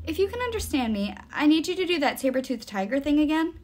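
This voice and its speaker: Lady doing a nervous teen boy, higher and louder than her narration, kinda breathless. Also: sing-song, fast talker. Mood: pleading. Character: Will, anxious teenage demigod boy healer.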